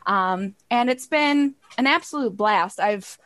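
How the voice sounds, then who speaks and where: A woman's voice: on the high side, expressive, slow, a bit bright, no room sound. An American woman from Buffalo, New York, a guest describing her travel blog in a bubbly, casual way, laughing often. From Buffalo, New York, USA. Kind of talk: casual interview chat.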